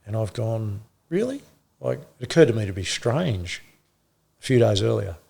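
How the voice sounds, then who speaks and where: In an interview, a middle-aged ex-cop from Australia recounts his experiences with blunt profanity and halting restarts. He has a lowish, creaky, husky voice with a darkish tone.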